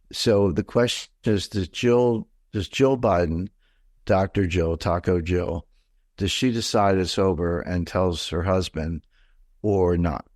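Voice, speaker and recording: A man's voice: low-pitched, darkish tone, no room sound, studio quality. An older man, a financial commentator, giving blunt, opinionated and rambling answers in an interview.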